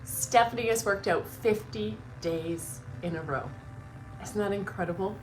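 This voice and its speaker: A woman's voice: mid-range voice, a little slow, music in the background, poor audio. A woman hosting her morning live stream, chatting emotionally, laughing through tears and gushing with many restarts. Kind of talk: casual emotional chat.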